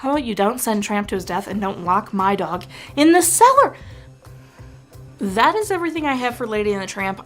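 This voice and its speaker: A young woman chatting to camera as a film-review vlogger, gushing and animated with quick asides. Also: mid-range voice. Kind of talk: casual chat to camera.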